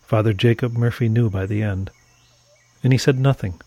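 A man narrating a first-person horror story in a measured, dramatic storytelling manner. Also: fairly low pitch, mellow, no room sound.

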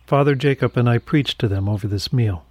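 A man narrating a first-person horror story in a measured, dramatic storytelling manner. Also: medium pitch, husky, dry recording.

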